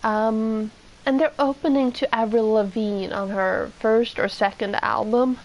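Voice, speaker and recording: A woman's voice: on the high side, fairly even intonation, measured pace, rough recording. A woman from Sweden with a Swedish accent, chatting casually and rambling as she streams a game. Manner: rambling, meandering, with many fillers. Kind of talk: casual chat while gaming.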